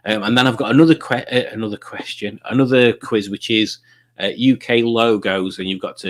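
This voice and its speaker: A man hosting a casual live-stream quiz night, reading viewer comments aloud in a jokey, rambling way. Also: fairly low pitch. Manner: jokey, rambling, chuckling at puns.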